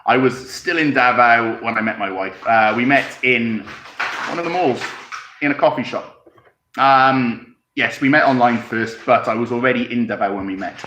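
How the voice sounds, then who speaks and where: A man's voice: medium pitch, normal speed, bright, forceful tone, slight background noise. A man from Wales with a Welsh accent, casually chatting on a live stream from his home, reading out comments, rambling and chuckling as he sips tea. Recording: echoey room.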